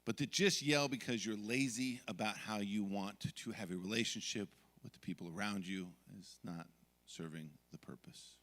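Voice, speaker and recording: A middle-aged man preaching a sermon as pastor, telling stories from family life and acting out yelling moments. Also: lowish voice, moderate pace, long reverb tail. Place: church sanctuary.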